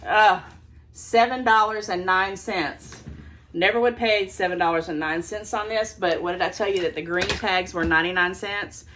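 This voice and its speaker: An older woman chats on camera at home about her bargain finds, laughing often and pausing to wrestle with the items. Her voice sits on the low side for a woman. A faint hiss runs underneath the recording. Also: fairly even intonation, fairly bright tone. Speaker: thrift haul vlogger. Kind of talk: casual haul video chat.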